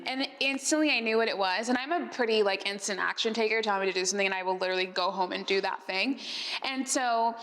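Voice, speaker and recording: A woman from Arizona, USA, hosts a podcast and takes questions at a live gathering, telling stories chattily with lots of "like" fillers and laughter. Her voice is medium-pitched and a bit bright, and she talks fast. It's recorded in an event space with a long hall reverb.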